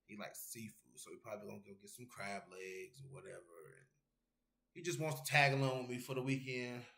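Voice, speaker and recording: A man's voice: mid-range voice, fairly even intonation, fairly quick, gravelly, pushed and bright, echoey room. A man hosting an MMA show, chatting casually and rambling with viewers, with loose, profane talk. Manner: loose, rambling and profane, reads chat messages aloud. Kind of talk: casual livestream chat with viewers.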